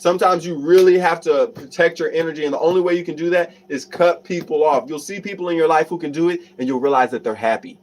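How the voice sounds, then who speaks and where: A man's voice: on the high side, quick pace, few pauses. Upbeat motivational man streaming live. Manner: reads viewer comments aloud and laughs often; motivational, many fillers and restarts. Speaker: livestream host, self-help talk. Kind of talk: casual livestream chat.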